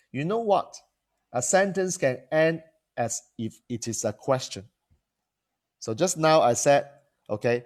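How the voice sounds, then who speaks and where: A man's voice: a little high, lively intonation, a little slow, darkish tone. A man, teaching as a coach who often restarts phrases and asks rhetorical questions. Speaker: coach and trainer. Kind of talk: teaching talk to camera.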